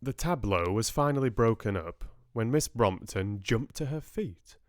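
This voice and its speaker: A man reading a novel aloud for his livestream book club, slowly and expressively. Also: medium pitch, no room sound, studio quality. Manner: slow, expressive, lively. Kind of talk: audiobook-style reading.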